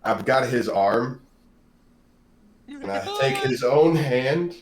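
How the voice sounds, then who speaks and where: A man playing a tabletop role-playing game, describing his character's actions with hesitant pauses. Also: mid-range voice, animated, a crowd in the background, low-quality recording. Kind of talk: narrating tabletop role-play.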